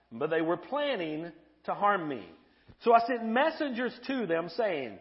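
A male pastor with a fairly high voice preaches to his congregation in a church. He is animated and playful, and he keeps putting questions to the listeners. The recording sounds somewhat dull and muffled. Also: moderate pace. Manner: playful humor. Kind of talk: sermon.

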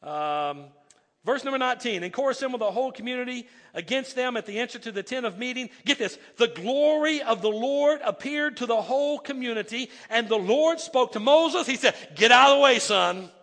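A man's voice: extremely high pitch, expressive, brisk. A male pastor preaching a sermon, reading scripture aloud with emphatic asides and stumbling restarts. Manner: repeats words when starting sentences. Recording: echoey hall reverb.

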